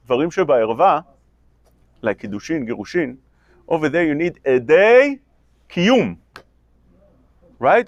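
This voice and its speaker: A man's voice: a little high, no room sound. A man, a rabbi, teaching a Talmud lecture to a study group, asking and answering his own questions with many restarts. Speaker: rabbi teaching a kollel class.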